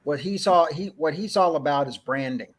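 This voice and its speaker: A man from Texas with a slightly high voice joins a sports radio roundtable as a guest. He lays out his points in a long, conversational run. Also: normal speed. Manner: conversational, explains points at length. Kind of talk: casual radio roundtable chat.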